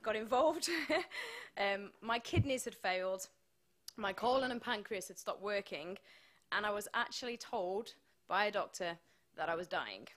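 A woman's voice: medium pitch, lively intonation, measured pace, a bit bright. British woman telling a personal story. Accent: British English. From Britain. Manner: candid, wry, laughs between grim details. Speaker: speaker at a summit. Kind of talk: personal testimony speech.

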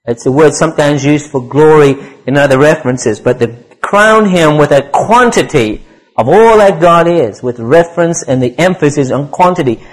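Older male pastor, higher-pitched voice, emphatic teaching sermon that leans on repeated phrases. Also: rough recording. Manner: teaching, explains Hebrew words, quotes scripture.

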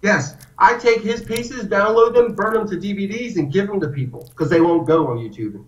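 With a high voice and a moderate pace, the guest keeps telling animated stories in casual conversation, acting out each quoted person. His sound remains echoey, distant and dull, with a lo-fi feel.

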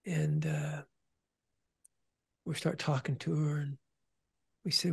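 A man telling an emotional testimony about starting his ministry, earnest, often restarting and repeating words, dropping to a hush when quoting. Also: a little high, little pitch movement, slow, gravelly, pauses often, husky. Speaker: ministry founder and guest.

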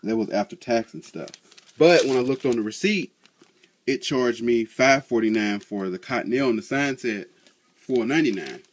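Man, casual vlogger, chatty, colloquial, animated storytelling, mid-pitched voice. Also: moderate pace. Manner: animated, acts out both sides of an argument; colloquial, chatty, frequent "you know". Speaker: couponing vlogger.

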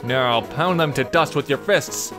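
A man voicing a hot-headed fish-woman warrior captain, talking loud and boisterous over game music. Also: medium pitch, measured pace, close to an everyday voice. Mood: fired up.

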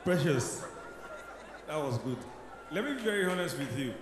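A man judging a talent show, giving measured, encouraging feedback. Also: fairly high pitch, very animated, a crowd in the background, background noise. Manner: measured, encouraging, with frequent "you know". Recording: very echoey hall with long reverb.

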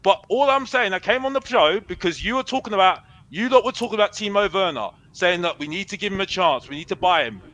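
A man's voice: high voice, expressive, fast talker, hardly any pauses, fairly bright tone, poor audio. A man, a football fan arguing heatedly on a fan show, brash and boastful, repeating himself. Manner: brash, boastful, repeats himself, calls himself Mister Box Office.

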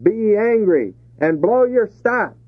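A man's voice: sits high, lively intonation, a little slow, heavy background noise. A man preaching a sermon to a congregation, asking rhetorical questions and chuckling between points. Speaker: pastor. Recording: tinny phone-like 1970s tape.

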